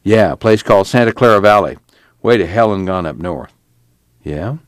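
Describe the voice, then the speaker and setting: A man's voice: fairly low pitch, expressive, moderate pace, dry recording, studio quality, natural voice. A man voicing a weary drifter who talks in a plain, blunt rural drawl.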